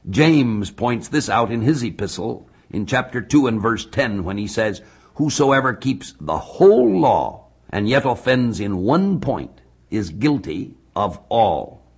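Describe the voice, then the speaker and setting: Man, Bible teacher, expository teaching, measured, deliberate, low husky voice. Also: big pitch swings, darkish tone. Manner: measured, deliberate, reads scripture slowly.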